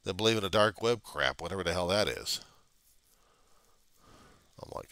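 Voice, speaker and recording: A middle-aged man in a rambling casual monologue, gruff and grumbling, swearing freely as he talks to his webcam. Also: low-pitched, expressive, moderate pace, pushed and bright, no echo. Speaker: vlogger.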